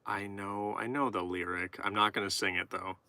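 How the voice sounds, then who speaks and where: A man's voice: on the low side, level tone, normal speed, pushed and bright, clear, resonant tone, no echo. A man live-streaming, chatting casually and goofily with viewers while he writes poetry. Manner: goofy, rambling, chatting to viewers. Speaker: streamer writing poetry with chat.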